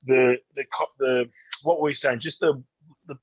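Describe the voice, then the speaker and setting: Man, podcast host, husky mid voice, relaxed questions, dull dry sound. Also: medium pitch, no room sound. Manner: relaxed, halting questions with restarts.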